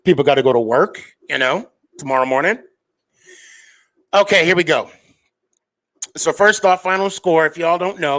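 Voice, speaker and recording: This live sports podcast host talks in a loose, easygoing way, drifting between topics with lots of fillers and false starts. For a man, his voice sits a little high.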